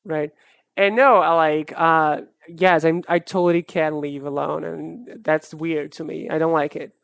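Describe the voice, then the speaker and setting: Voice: mid-range voice, fairly even intonation, a little slow, creaky, fairly bright tone, dry recording. An art streamer in casual live-stream chat, rambling and self-deprecating, often laughing and restarting sentences.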